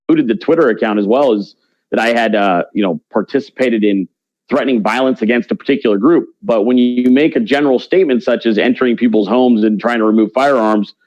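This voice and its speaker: A man's voice: mid-range voice, brisk, darkish tone, no echo, dull audio. A man talking as an interview guest in a blunt, brash, slangy way. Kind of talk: casual interview talk.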